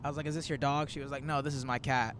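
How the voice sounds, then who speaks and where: A man's voice: mid-range voice, racing, background noise. Rambling young man chatting in a car. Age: 20s. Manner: rambling, animated storytelling with quoted asides. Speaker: comedian hosting a road-trip podcast. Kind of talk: casual chat. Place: in a moving car.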